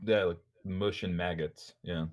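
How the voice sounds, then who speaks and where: A man's voice: low-pitched, steady tone, a little slow. A young man co-hosting a podcast, chatting casually about a movie in a laid-back, wry way. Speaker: podcast co-host. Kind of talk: casual movie review chat.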